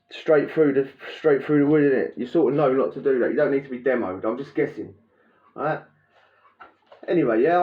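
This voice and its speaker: Animated man. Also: on the high side. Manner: animated, laughing, acts out scenes with sound effects. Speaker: podcast host telling prison stories. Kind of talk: casual storytelling. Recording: roomy, dull lo-fi sound.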